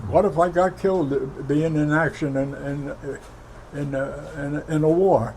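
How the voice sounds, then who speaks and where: A man in his nineties from Brooklyn, recounting his war memories in an interview, halting with many fillers and heartfelt. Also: a little high, fairly even intonation, a little mellow, a little hiss or hum, poor audio. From Brooklyn, New York. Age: 90s. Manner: heartfelt, emotional recollection. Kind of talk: oral history interview.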